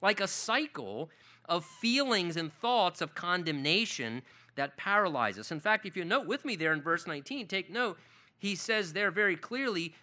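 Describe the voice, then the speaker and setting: A man's voice: high voice, lively intonation, measured pace, bright, forceful tone. A male pastor preaching an earnest sermon, building to emphatic peaks and repeating key words.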